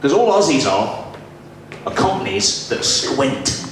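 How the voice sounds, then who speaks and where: A young man in his twenties with a generic northern English accent doing a lively, self-deprecating stand-up set on a small club stage. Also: medium pitch, takes it slowly, a crowd in the background. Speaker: stand-up comedian. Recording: far-off echoey club recording with audience. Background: audience laughter and room noise.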